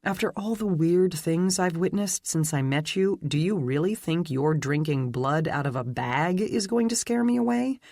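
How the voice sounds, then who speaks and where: A man's voice: a little high, expressive, moderate pace, vocal fry, few pauses, a little mellow, no room sound, studio quality, pitched above the performer's own voice. A male audiobook narrator voicing a shy but bold young woman who teases and scolds. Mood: exasperated, teasing. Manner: teasing, exasperated.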